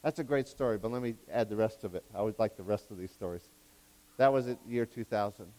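Preaching a sermon with excitement, a man swings from loud, fervent bursts to quiet asides. He laughs at his own jokes and backpedals on his wording, speaking at a quick pace in a fairly low pitch.

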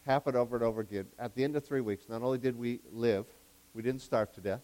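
A man preaching a sermon, excitable, swinging between loud fervent bursts and quiet asides, laughing at his own jokes and backpedaling on his wording. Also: medium pitch, fast talker.

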